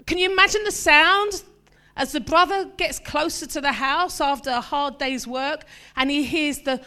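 A woman preaching a sermon in a lively, conversational way, mixing scripture with humorous personal asides. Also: sits high, normal speed.

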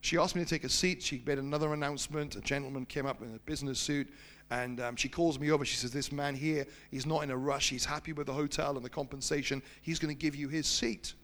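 A man preaching, telling a personal story in an animated storytelling manner and slowing down for emphasis. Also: on the high side. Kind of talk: sermon storytelling.

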